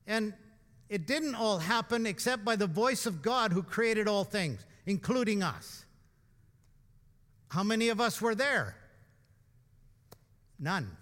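A male pastor with a very high, bright voice, preaching a sermon in a casual, emphatic way. He leans on asides and rhetorical questions to keep it conversational. The sound carries the long reverb of a church hall. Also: expressive, takes it slowly, pauses often.

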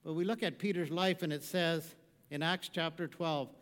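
A man delivers a sermon in a high, light voice that drops to near-whispers and then climbs into loud exhortation. His words carry a long reverb, the sound of a large church hall. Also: fairly even intonation, normal speed. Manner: swings between hushed and loud preaching. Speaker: pastor.

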